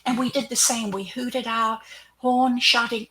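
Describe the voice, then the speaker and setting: An older woman with a bright, crisp voice recounts a personal story as an interview guest. She tells it with animation, acts out the dialogue she quotes, and lowers her voice to a near-whisper for asides. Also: steady tone, moderate pace, low-quality recording.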